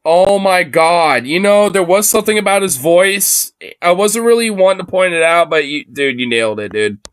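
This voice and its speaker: A man's voice: high-pitched, lively intonation, normal speed, smooth, dry recording. A man streaming his reaction to a debate clip, swearing heavily and rambling in a mocking, casual way. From Irish descent claimed, not origin. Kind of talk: casual profane commentary.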